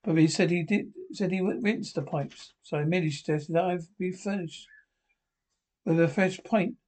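A man's voice: high voice, normal speed, a little mellow. An actor with a Scottish accent playing a dry-witted older male pensioner in a sitcom, telling a story in mock-formal phrasing. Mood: aggrieved. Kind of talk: sitcom acting.

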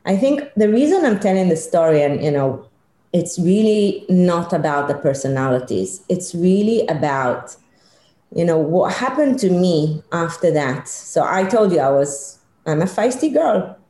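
A middle-aged woman, a leadership consultant, telling a personal story in an interview, animated and emphatic. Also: lowish voice, unhurried. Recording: echoey room.

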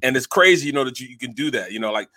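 Brief: animated male sports radio host, mid-pitched, laughs a lot, dry close-miked studio sound. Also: very fast, dry recording. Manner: animated storyteller, laughs often. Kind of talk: casual sports talk.

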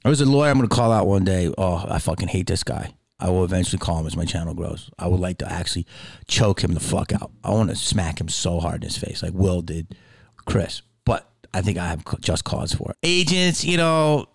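A middle-aged man hosting a podcast, delivering a heated solo rant full of swearing, swinging from loud outbursts to low muttering. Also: expressive, fairly quick, creaky. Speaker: podcast host.

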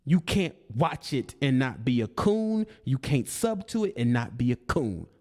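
A man's voice: mid-range voice, very animated, unhurried, a little mellow. A man, delivering a confrontational, preachy monologue aimed at a rival, taunting and repeating his points. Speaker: online commentator.

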